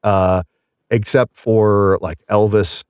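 A man's voice: on the low side, fairly even intonation, takes it slowly, darkish tone, clear, resonant tone, no room sound, studio quality. A middle-aged man from Southern Illinois with a Southern Illinois accent, rambling casually with many fillers as a guest. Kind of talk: casual conversation.

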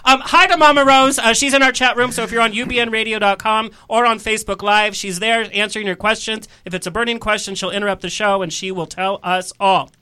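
A man's voice: high-pitched, fairly even intonation, fast talker, few pauses, bright, forceful tone, clean tone, rough recording. A man hosting a chatty radio talk show in a studio, flamboyant and theatrical, with sassy quips. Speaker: podcast host. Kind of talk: campy chat show hosting.

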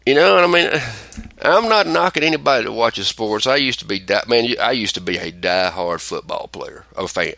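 A man's voice: fairly low pitch, moderate pace, creaky, no echo. A man hosting a casual podcast chat, ranting and telling stories with plenty of swearing. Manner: profane, ranting, animated storytelling. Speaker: podcast host.

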